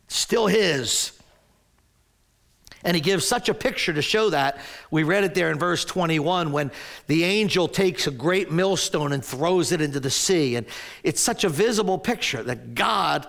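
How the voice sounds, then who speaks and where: A man's voice: fairly high pitch, lively intonation, measured pace, gravelly, a bit bright. A man in his sixties preaching a sermon as a pastor, telling a story animatedly and often stumbling over restarts.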